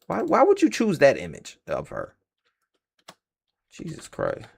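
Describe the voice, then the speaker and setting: A man's voice: fairly high pitch, huge pitch swings, moderate pace, gravelly, breathy edge. A man hosting a casual livestream reaction, rambling and slangy, swearing freely and stumbling over names. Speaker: livestream host reacting to casting news.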